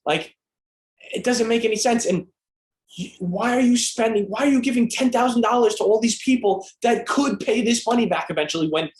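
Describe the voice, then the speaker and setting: A man's voice: very high voice, fairly quick, reverberant. A man co-hosting a podcast in casual chat, ranting with opinions and swearing. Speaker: podcast co-host.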